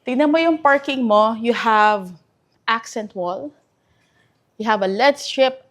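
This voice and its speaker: A woman's voice: a little high, unhurried, a bit bright. A woman with a Filipino accent hosting a walkthrough house tour, chatty and enthusiastic, mixing English and Filipino. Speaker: real estate house tour host. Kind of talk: casual walkthrough tour commentary. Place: inside a house, walking room to room.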